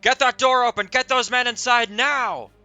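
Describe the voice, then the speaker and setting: A man's voice: very high-pitched, fairly even intonation, normal speed, sharp tone, no room sound, soft background music, pitched above the performer's own voice, full character voice. A man voicing a male battery commander who barks urgent orders at his soldiers. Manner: barking orders.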